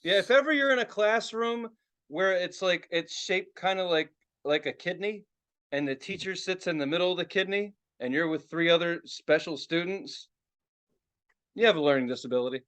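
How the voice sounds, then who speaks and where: A man's voice: high voice, normal speed, clean tone. A man co-hosting a podcast, chatting casually, laughing a lot, swearing and slipping into joking impressions. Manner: animated, laughing, profane, does joking voice impressions. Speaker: podcast co-host. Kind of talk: casual chat.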